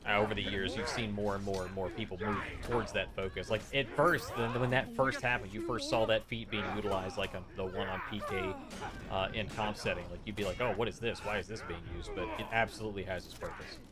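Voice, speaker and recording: A man casting a live esports match with animated, rambling play-by-play commentary. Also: fairly low pitch, fast, over a noisy crowd. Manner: rambling, animated, many fillers and restarts. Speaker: esports caster. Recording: loud background noise.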